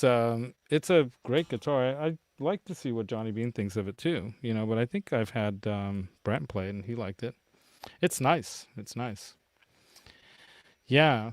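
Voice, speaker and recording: A middle-aged man chats loosely on his livestream, rambling through fillers and breaking into chuckles. His voice sits at an ordinary pitch. The sound is close and dry. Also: clear, resonant tone, dry recording. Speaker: show host. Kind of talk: casual livestream chat.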